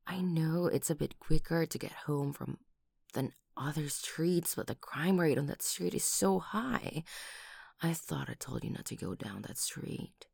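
A woman voicing a doting, protective lover who kills for her partner, in a whispered role-play with breathy whispers and sudden loud outbursts, close to the microphone. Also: low-pitched, dry recording, exaggerated voice.

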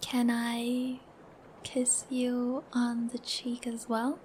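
A woman's voice: sits high, steady tone, very slow, a little hiss or hum. A woman as a giggly, shy young girlfriend. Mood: shy, tender. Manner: giggly, babbling, soft and affectionate. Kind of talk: whispered role-play.

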